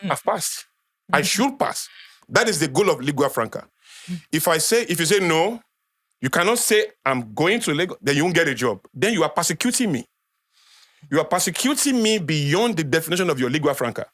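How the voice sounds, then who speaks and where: A man's voice: fairly high pitch, sing-song, brisk, fairly bright tone, no echo, studio quality. A middle-aged man with a Nigerian accent, a guest speaking with passion on a podcast, emphatic and lecturing, repeating phrases for effect.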